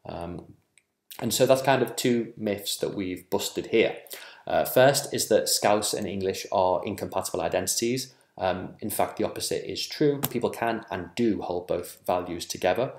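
A man presenting survey research at a conference, measured and full of ums and small self-corrections. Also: sits low, reverberant.

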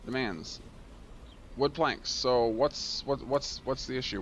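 Bright-voiced man grumbling through gameplay. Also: medium pitch, takes it slowly, muffled recording, slight background noise. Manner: grumbles and scolds the game aloud. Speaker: gaming channel host. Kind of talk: casual let's-play commentary.

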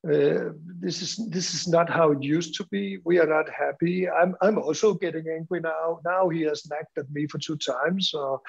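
A man's voice: a little high, creaky, slightly rough, lo-fi sound. A man with a Danish accent gives a conference talk about his school, hesitant and full of fillers and restarts. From Denmark. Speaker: school teacher presenting at a conference.

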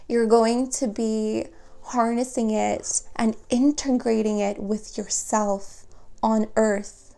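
A woman's voice: fairly high pitch, fairly even intonation, slow pace, creaky, warm tone. A woman giving a spiritual tarot reading, talking earnestly and encouragingly straight to her viewers, with many fillers. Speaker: tarot reader.

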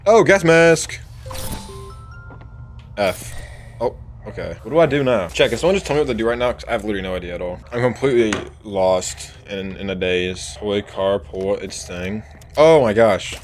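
Faint music plays behind a man with a fairly low voice who talks fairly quickly while streaming a horror game. Jumpy and profane, he shouts at the scares and addresses his chat.

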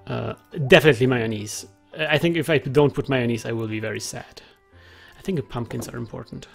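Man, let's play commentary, chatty, thinks aloud, reads game text, gravelly, soft music underneath. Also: mid-range voice, fairly quick. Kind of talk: casual gameplay commentary, reading dialogue aloud.

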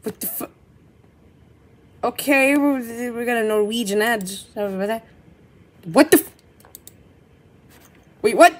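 A woman's voice: a little high, unhurried, pauses often. A woman giving casual, exasperated reaction commentary, laughing and swearing freely. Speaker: video reactor.

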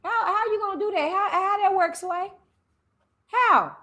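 A woman YouTuber hosting a livestream commentary, talking in an animated, emphatic way and repeating phrases. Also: extremely high pitch, unhurried. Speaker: YouTuber host.

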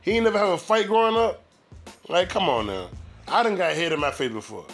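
A man's voice: high-pitched, lively intonation, a little fast, faint music behind. A man giving casual commentary on a clip in a blunt, profane and incredulous way.

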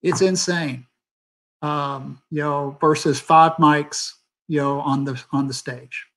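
A man's voice: on the high side, steady tone, slow, a bit bright. A man, a theater sound designer, talking candidly and rambling with many fillers on a video call. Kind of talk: panel talk on a video call.

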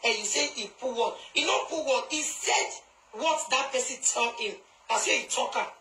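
A woman with a high, piercing voice and a Nigerian Pidgin English accent, lecturing her viewers in a live video rant. She is confrontational and emphatic, hammering points home by repeating them. The recording is echoey, with faint music underneath. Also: normal speed, bright, forceful tone. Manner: confrontational, scolding, emphatic repetition. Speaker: social media commentator.

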